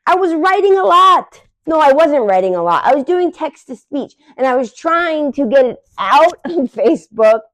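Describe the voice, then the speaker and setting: A woman's voice: sits high, animated, normal speed, hardly any pauses. A woman in her forties talking about dog training in a rambling, emphatic way with many restarts. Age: 40s. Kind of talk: casual unscripted rant.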